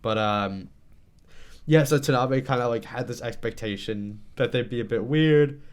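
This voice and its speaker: A man in casual chat as a manga discussion co-host, enthusiastic and quick to laugh. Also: medium pitch. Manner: enthusiastic, laughing, acts out quotes.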